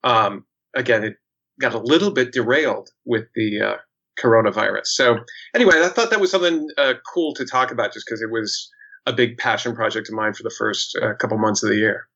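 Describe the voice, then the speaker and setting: A man's voice: medium pitch, a little fast, bright, forceful tone. A man, an actor, telling a story in casual chat, with many fillers and restarts. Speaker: actor guest. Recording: dull lo-fi sound.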